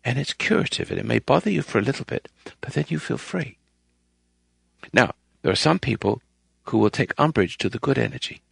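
A man hosting a call-in radio advice show who lectures listeners emphatically, rambling with restarts and swinging between a firm, loud voice and a soft, quiet one. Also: medium pitch, animated, brisk, gravelly, husky, no room sound.

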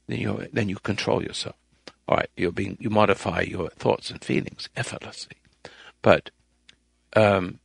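Man, radio advice host, gravelly voice, dry close sound, preachy, rambling. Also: mid-range voice, dry recording. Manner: emphatic, preachy, swings between firm loud and quiet soft delivery; rambling with frequent restarts. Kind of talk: call-in radio monologue.

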